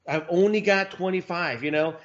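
Man, slightly high voice, animated storytelling, casual podcast chat, muffled lo-fi sound. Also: normal speed. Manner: animated storyteller, acts out quotes. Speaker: podcast co-host. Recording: dull lo-fi recording.

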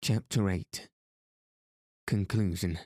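A man narrating a book chapter in a measured, even reading. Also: deep voice, no echo, studio quality. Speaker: audiobook narrator. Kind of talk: scripted narration.

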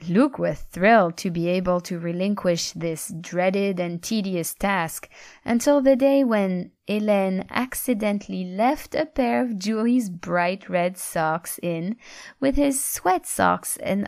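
Woman reading a story out, steady and even, dry close mic, middle pitch. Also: slow, no echo. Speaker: audiobook narrator. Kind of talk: scripted story narration.

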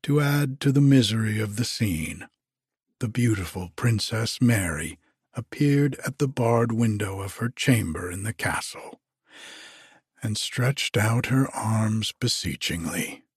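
A man reading an old fairy tale aloud in slow, measured phrases. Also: fairly low pitch, expressive, breathy edge, no echo, studio quality. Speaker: narrator. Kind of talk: storybook reading.

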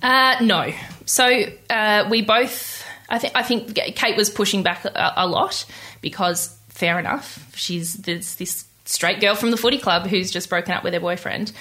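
A young woman telling her personal story in an interview, candid and halting, with many restarts. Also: mid-range voice, pushed and bright. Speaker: interview guest.

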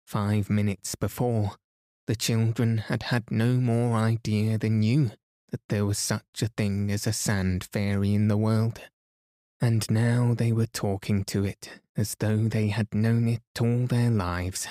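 A man reads a children's story aloud at a very slow, soothing pace, meant to lull listeners to sleep. His voice sits somewhat low and is recorded close and dry, with no room sound. The delivery is calm and even throughout. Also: no echo. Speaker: podcast host, reader. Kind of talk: slow bedtime story narration.

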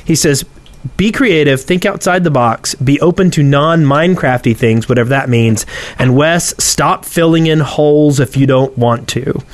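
A man's voice: fairly high pitch, moderate pace. A man co-hosting a casual podcast, chatty and stumbling over restarts while he reads listener mail aloud. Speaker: podcast co-host.

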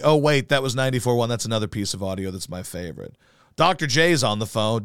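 A man hosting his own podcast, venting in a profane, mocking tone. His voice is smooth and clear, and his pitch swings around a lot. The sound is dry and close to the mic. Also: expressive, normal speed, a bit bright, no room sound. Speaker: podcast host. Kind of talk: solo podcast rant.

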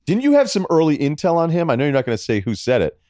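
A man's voice: fast, no room sound, studio quality. A middle-aged man, a podcast guest, talking sports in a casual, sarcastic way. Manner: animated, sarcastic, jumping between high and low.

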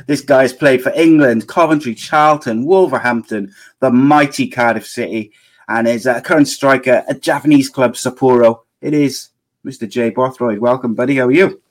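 A man's voice: medium pitch, normal speed. A man co-hosting a casual podcast over a video call, upbeat as he introduces the guest. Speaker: podcast co-host. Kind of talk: casual chat.

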